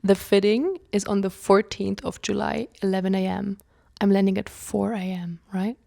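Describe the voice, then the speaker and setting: A young woman vlogger tells a personal story in a loose, chatty way, with a gravelly fry at the ends of her phrases. She keeps saying "like" and acts out what people said, jumping from excited bursts to near-whispers. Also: medium pitch, moderate pace. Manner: chatty, fills speech with "like"; acts out quoted speech, shifting between loud bursts and whispers.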